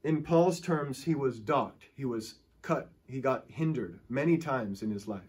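A man's voice: medium pitch, expressive, unhurried, darkish tone, slightly rough. A male pastor preaching a sermon, telling stories with emphatic, rising and falling delivery.

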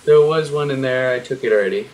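A young man commentating a horror game as he plays, panicky and swearing, yelling at the enemies on screen. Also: mid-range voice, fast. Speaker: gaming YouTuber.

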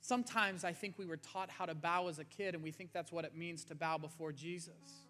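A man's voice: a little high, fairly even intonation, fairly quick, pushed and bright. A man preaching an earnest, conversational sermon to his church as its pastor. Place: church sanctuary. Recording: faint music underneath.

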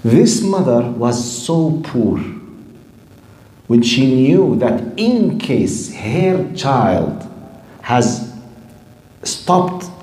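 This is a recorded lesson in which a male lecturer covers Islamic history for a live class, often quizzing the audience and drawing on Arabic terms. His voice is medium-pitched with a dark tone, and the sound is roomy with poor audio.

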